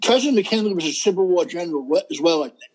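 Middle-aged man, high-pitched, husky, emphatic, rambling interview guest. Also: expressive, racing, poor audio. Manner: emphatic, rambling, seeks agreement. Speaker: guest, comedian and impressionist. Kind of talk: casual interview chat.

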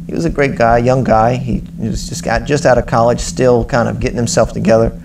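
Male Islamic teacher, chatty storyteller, mid-pitched voice, stumbles and repeats words, faint background hiss. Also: level tone, fairly quick, creaky. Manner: repeats words and restarts sentences often; acts out conversations in dialogue. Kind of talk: conversational storytelling.

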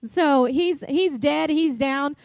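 A middle-aged woman pastor, preaching a sermon and telling a chatty, animated story full of fillers. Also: high voice, slow pace, vocal fry, dry recording.

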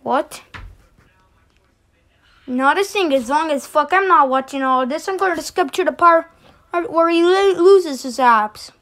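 High-pitched, stammering, foul-mouthed reaction host. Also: measured pace, pauses often, fairly bright tone. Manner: stammering, swearing, exasperated. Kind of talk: casual reaction commentary.

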